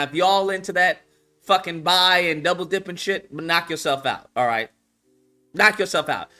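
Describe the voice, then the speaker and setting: A man giving casual commentary, animated and profane, repeating his points. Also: high-pitched. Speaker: online commentator.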